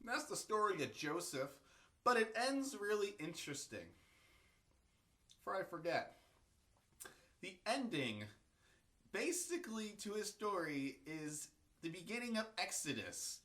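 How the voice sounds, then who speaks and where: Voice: medium pitch, sing-song, measured pace, pauses often, pushed and bright. A video host retelling a bible story and history in a casual, irreverent, crude, rambling way.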